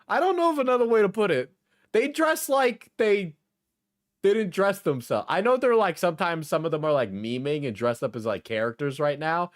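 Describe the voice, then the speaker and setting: This streamer reacts with a swooping, animated voice, cursing freely and laughing often. The commentary is casual and incredulous throughout. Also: mid-range voice, normal speed. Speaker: streamer reacting to an award show clip.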